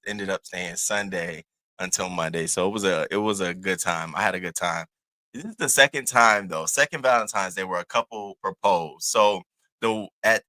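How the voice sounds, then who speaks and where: A man hosting his own channel, telling a casual story to his viewers in an animated, profane, chatty way. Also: lowish voice, no room sound. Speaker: host.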